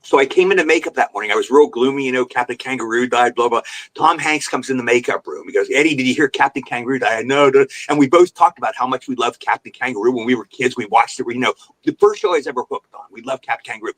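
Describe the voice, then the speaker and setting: On a remote podcast call, an older actor appearing as a guest tells anecdotes at a fast clip in a medium-pitched voice. He's an animated storyteller who slips into voices whenever he quotes someone.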